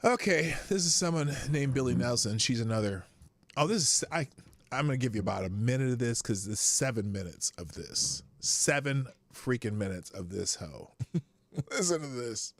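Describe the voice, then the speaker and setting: A man hosting a live show, rambling through casual commentary with frequent swearing and sudden jumps in pitch. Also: expressive, normal speed, no echo.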